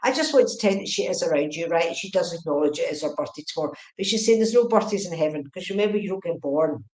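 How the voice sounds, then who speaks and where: A woman giving fast, chatty psychic readings on a live stream, often checking in with okay and right. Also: on the low side, a little mellow, echoey room, rough recording. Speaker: medium.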